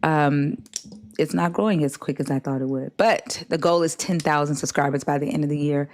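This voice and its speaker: A woman's voice: sits low, steady tone, fairly quick, a little mellow. A woman from the American South hosting a live stream, talking casually and bluntly, swearing as she lectures her chat. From Southern United States.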